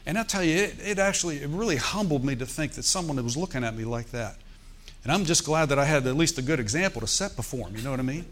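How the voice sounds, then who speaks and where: A man's voice: on the high side, expressive, fast, fairly bright tone. A man, a pastor, preaching a sermon in a church, telling a personal story and rising into emphatic exhortation.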